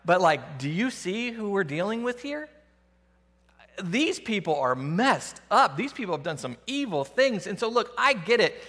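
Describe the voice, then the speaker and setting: A man's voice: sits high, very animated, measured pace, a bit bright, long reverb tail, voice pushed up, heavily acted. A man voicing a bitter, resentful prophet who pleads indignantly in casual, everyday talk.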